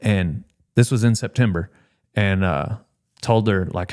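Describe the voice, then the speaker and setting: A man's voice: low voice, fairly even intonation, a little fast. A man hosting a podcast, telling a story in casual chat and acting out the quotes with big jumps in his voice. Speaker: podcast host.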